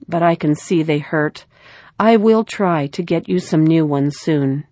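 Storybook mother, read by a woman: gentle and soft-spoken, lowish voice, dry close sound. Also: a little slow, dry recording. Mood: tender. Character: gentle, worried young mother.

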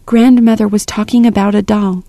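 A woman's voice: mid-range voice, fairly even intonation, moderate pace, dark tone, no room sound, studio quality, lightly acted. A woman voicing a shy, anxious young girl asking timid questions.

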